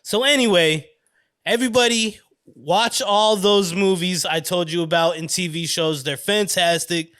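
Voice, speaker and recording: A man's voice: high-pitched, unhurried, fairly bright tone, smooth, no echo, clean studio sound. A man with a US East Coast accent hosting a podcast alone, rambling in a loose, profane, casual monologue and often breaking into laughter. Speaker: podcast host.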